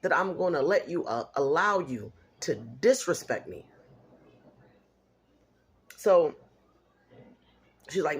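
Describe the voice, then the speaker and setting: A woman's voice: low-pitched, expressive, slow pace, long pauses, husky. A middle-aged single mother venting in a personal vlog, blunt and emphatic, repeating herself for stress.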